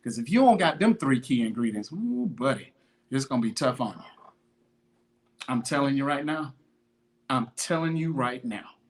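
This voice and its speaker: A podcast host and fitness motivator delivers an emphatic monologue on consistency that is slangy, repetitive, and preachy, greeting viewers by name partway through. His mid-range voice swings widely in pitch, moves at a moderate pace, and pauses often.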